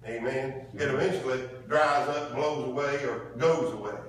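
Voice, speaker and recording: A man's voice: medium pitch, steady tone, moderate pace. A man preaching a sermon in a folksy, colloquial way, drawing call-and-response from the congregation. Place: church sanctuary. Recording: echoey room from far off.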